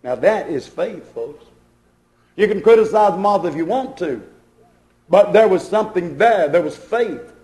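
A man's voice: sits high, lively intonation, measured pace, darkish tone. A man preaching a sermon with fervent delivery, his volume rising and falling. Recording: echoey hall.

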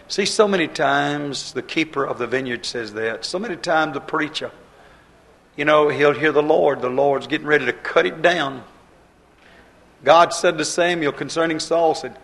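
A man's voice: a little high, moderate pace, a bit bright, poor audio. A man preaching a sermon in a folksy, conversational way, repeating his phrases and using plain, homespun grammar.

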